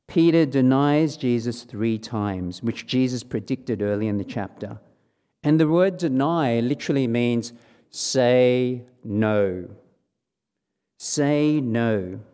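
A man's voice: mid-range voice, warm tone. Man preaching in a reverberant hall. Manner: acts out quoted lines with raised voice. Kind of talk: sermon with Bible reading.

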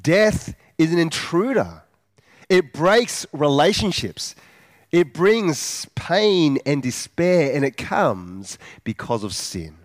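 Guy preaching a sermon, slow and earnest, asks the listeners lots of questions, dry close sound. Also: a little high, big pitch swings, dry recording. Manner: slows down for emphasis.

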